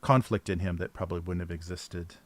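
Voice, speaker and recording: Man, very low voice, halting speech full of fillers, casual livestream talk, dry room. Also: fairly even intonation, no room sound. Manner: halting, many pauses and fillers. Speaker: co-host and game master.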